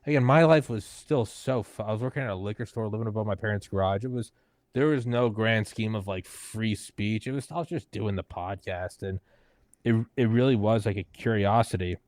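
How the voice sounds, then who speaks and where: A man in his thirties with a somewhat low voice, telling a story in an animated, profane way and often stopping to restart his sentences. He sounds close and dry, with no room echo. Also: a little fast. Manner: animated, profane, acts out quoted people; frequent "like" fillers and restarts. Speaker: podcast host and guest. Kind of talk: casual conversational storytelling.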